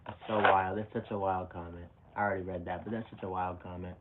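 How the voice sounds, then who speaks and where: A young man with a lowish voice livestreams at a moderate pace, pausing often as he rambles, pokes fun at himself, and reacts to chat comments with frequent chuckles. The audio is tinny and phone-like, with a faint hiss.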